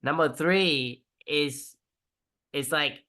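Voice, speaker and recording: A man's voice: a little high, drawn-out words, bright, forceful tone. A man co-hosting a podcast over a video call, explaining his points earnestly and restarting sentences often. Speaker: podcast co-host. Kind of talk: casual chat.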